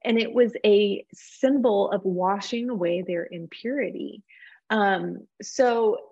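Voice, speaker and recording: A woman teaches a Bible study in an easygoing, conversational voice, pausing often on filler words as she explains and reads passages aloud. Her pitch sits in the middle for a woman. The recording sounds a little dull and lo-fi. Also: vocal fry, breathy edge. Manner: relaxed, frequent filler words. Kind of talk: conversational teaching with scripture reading.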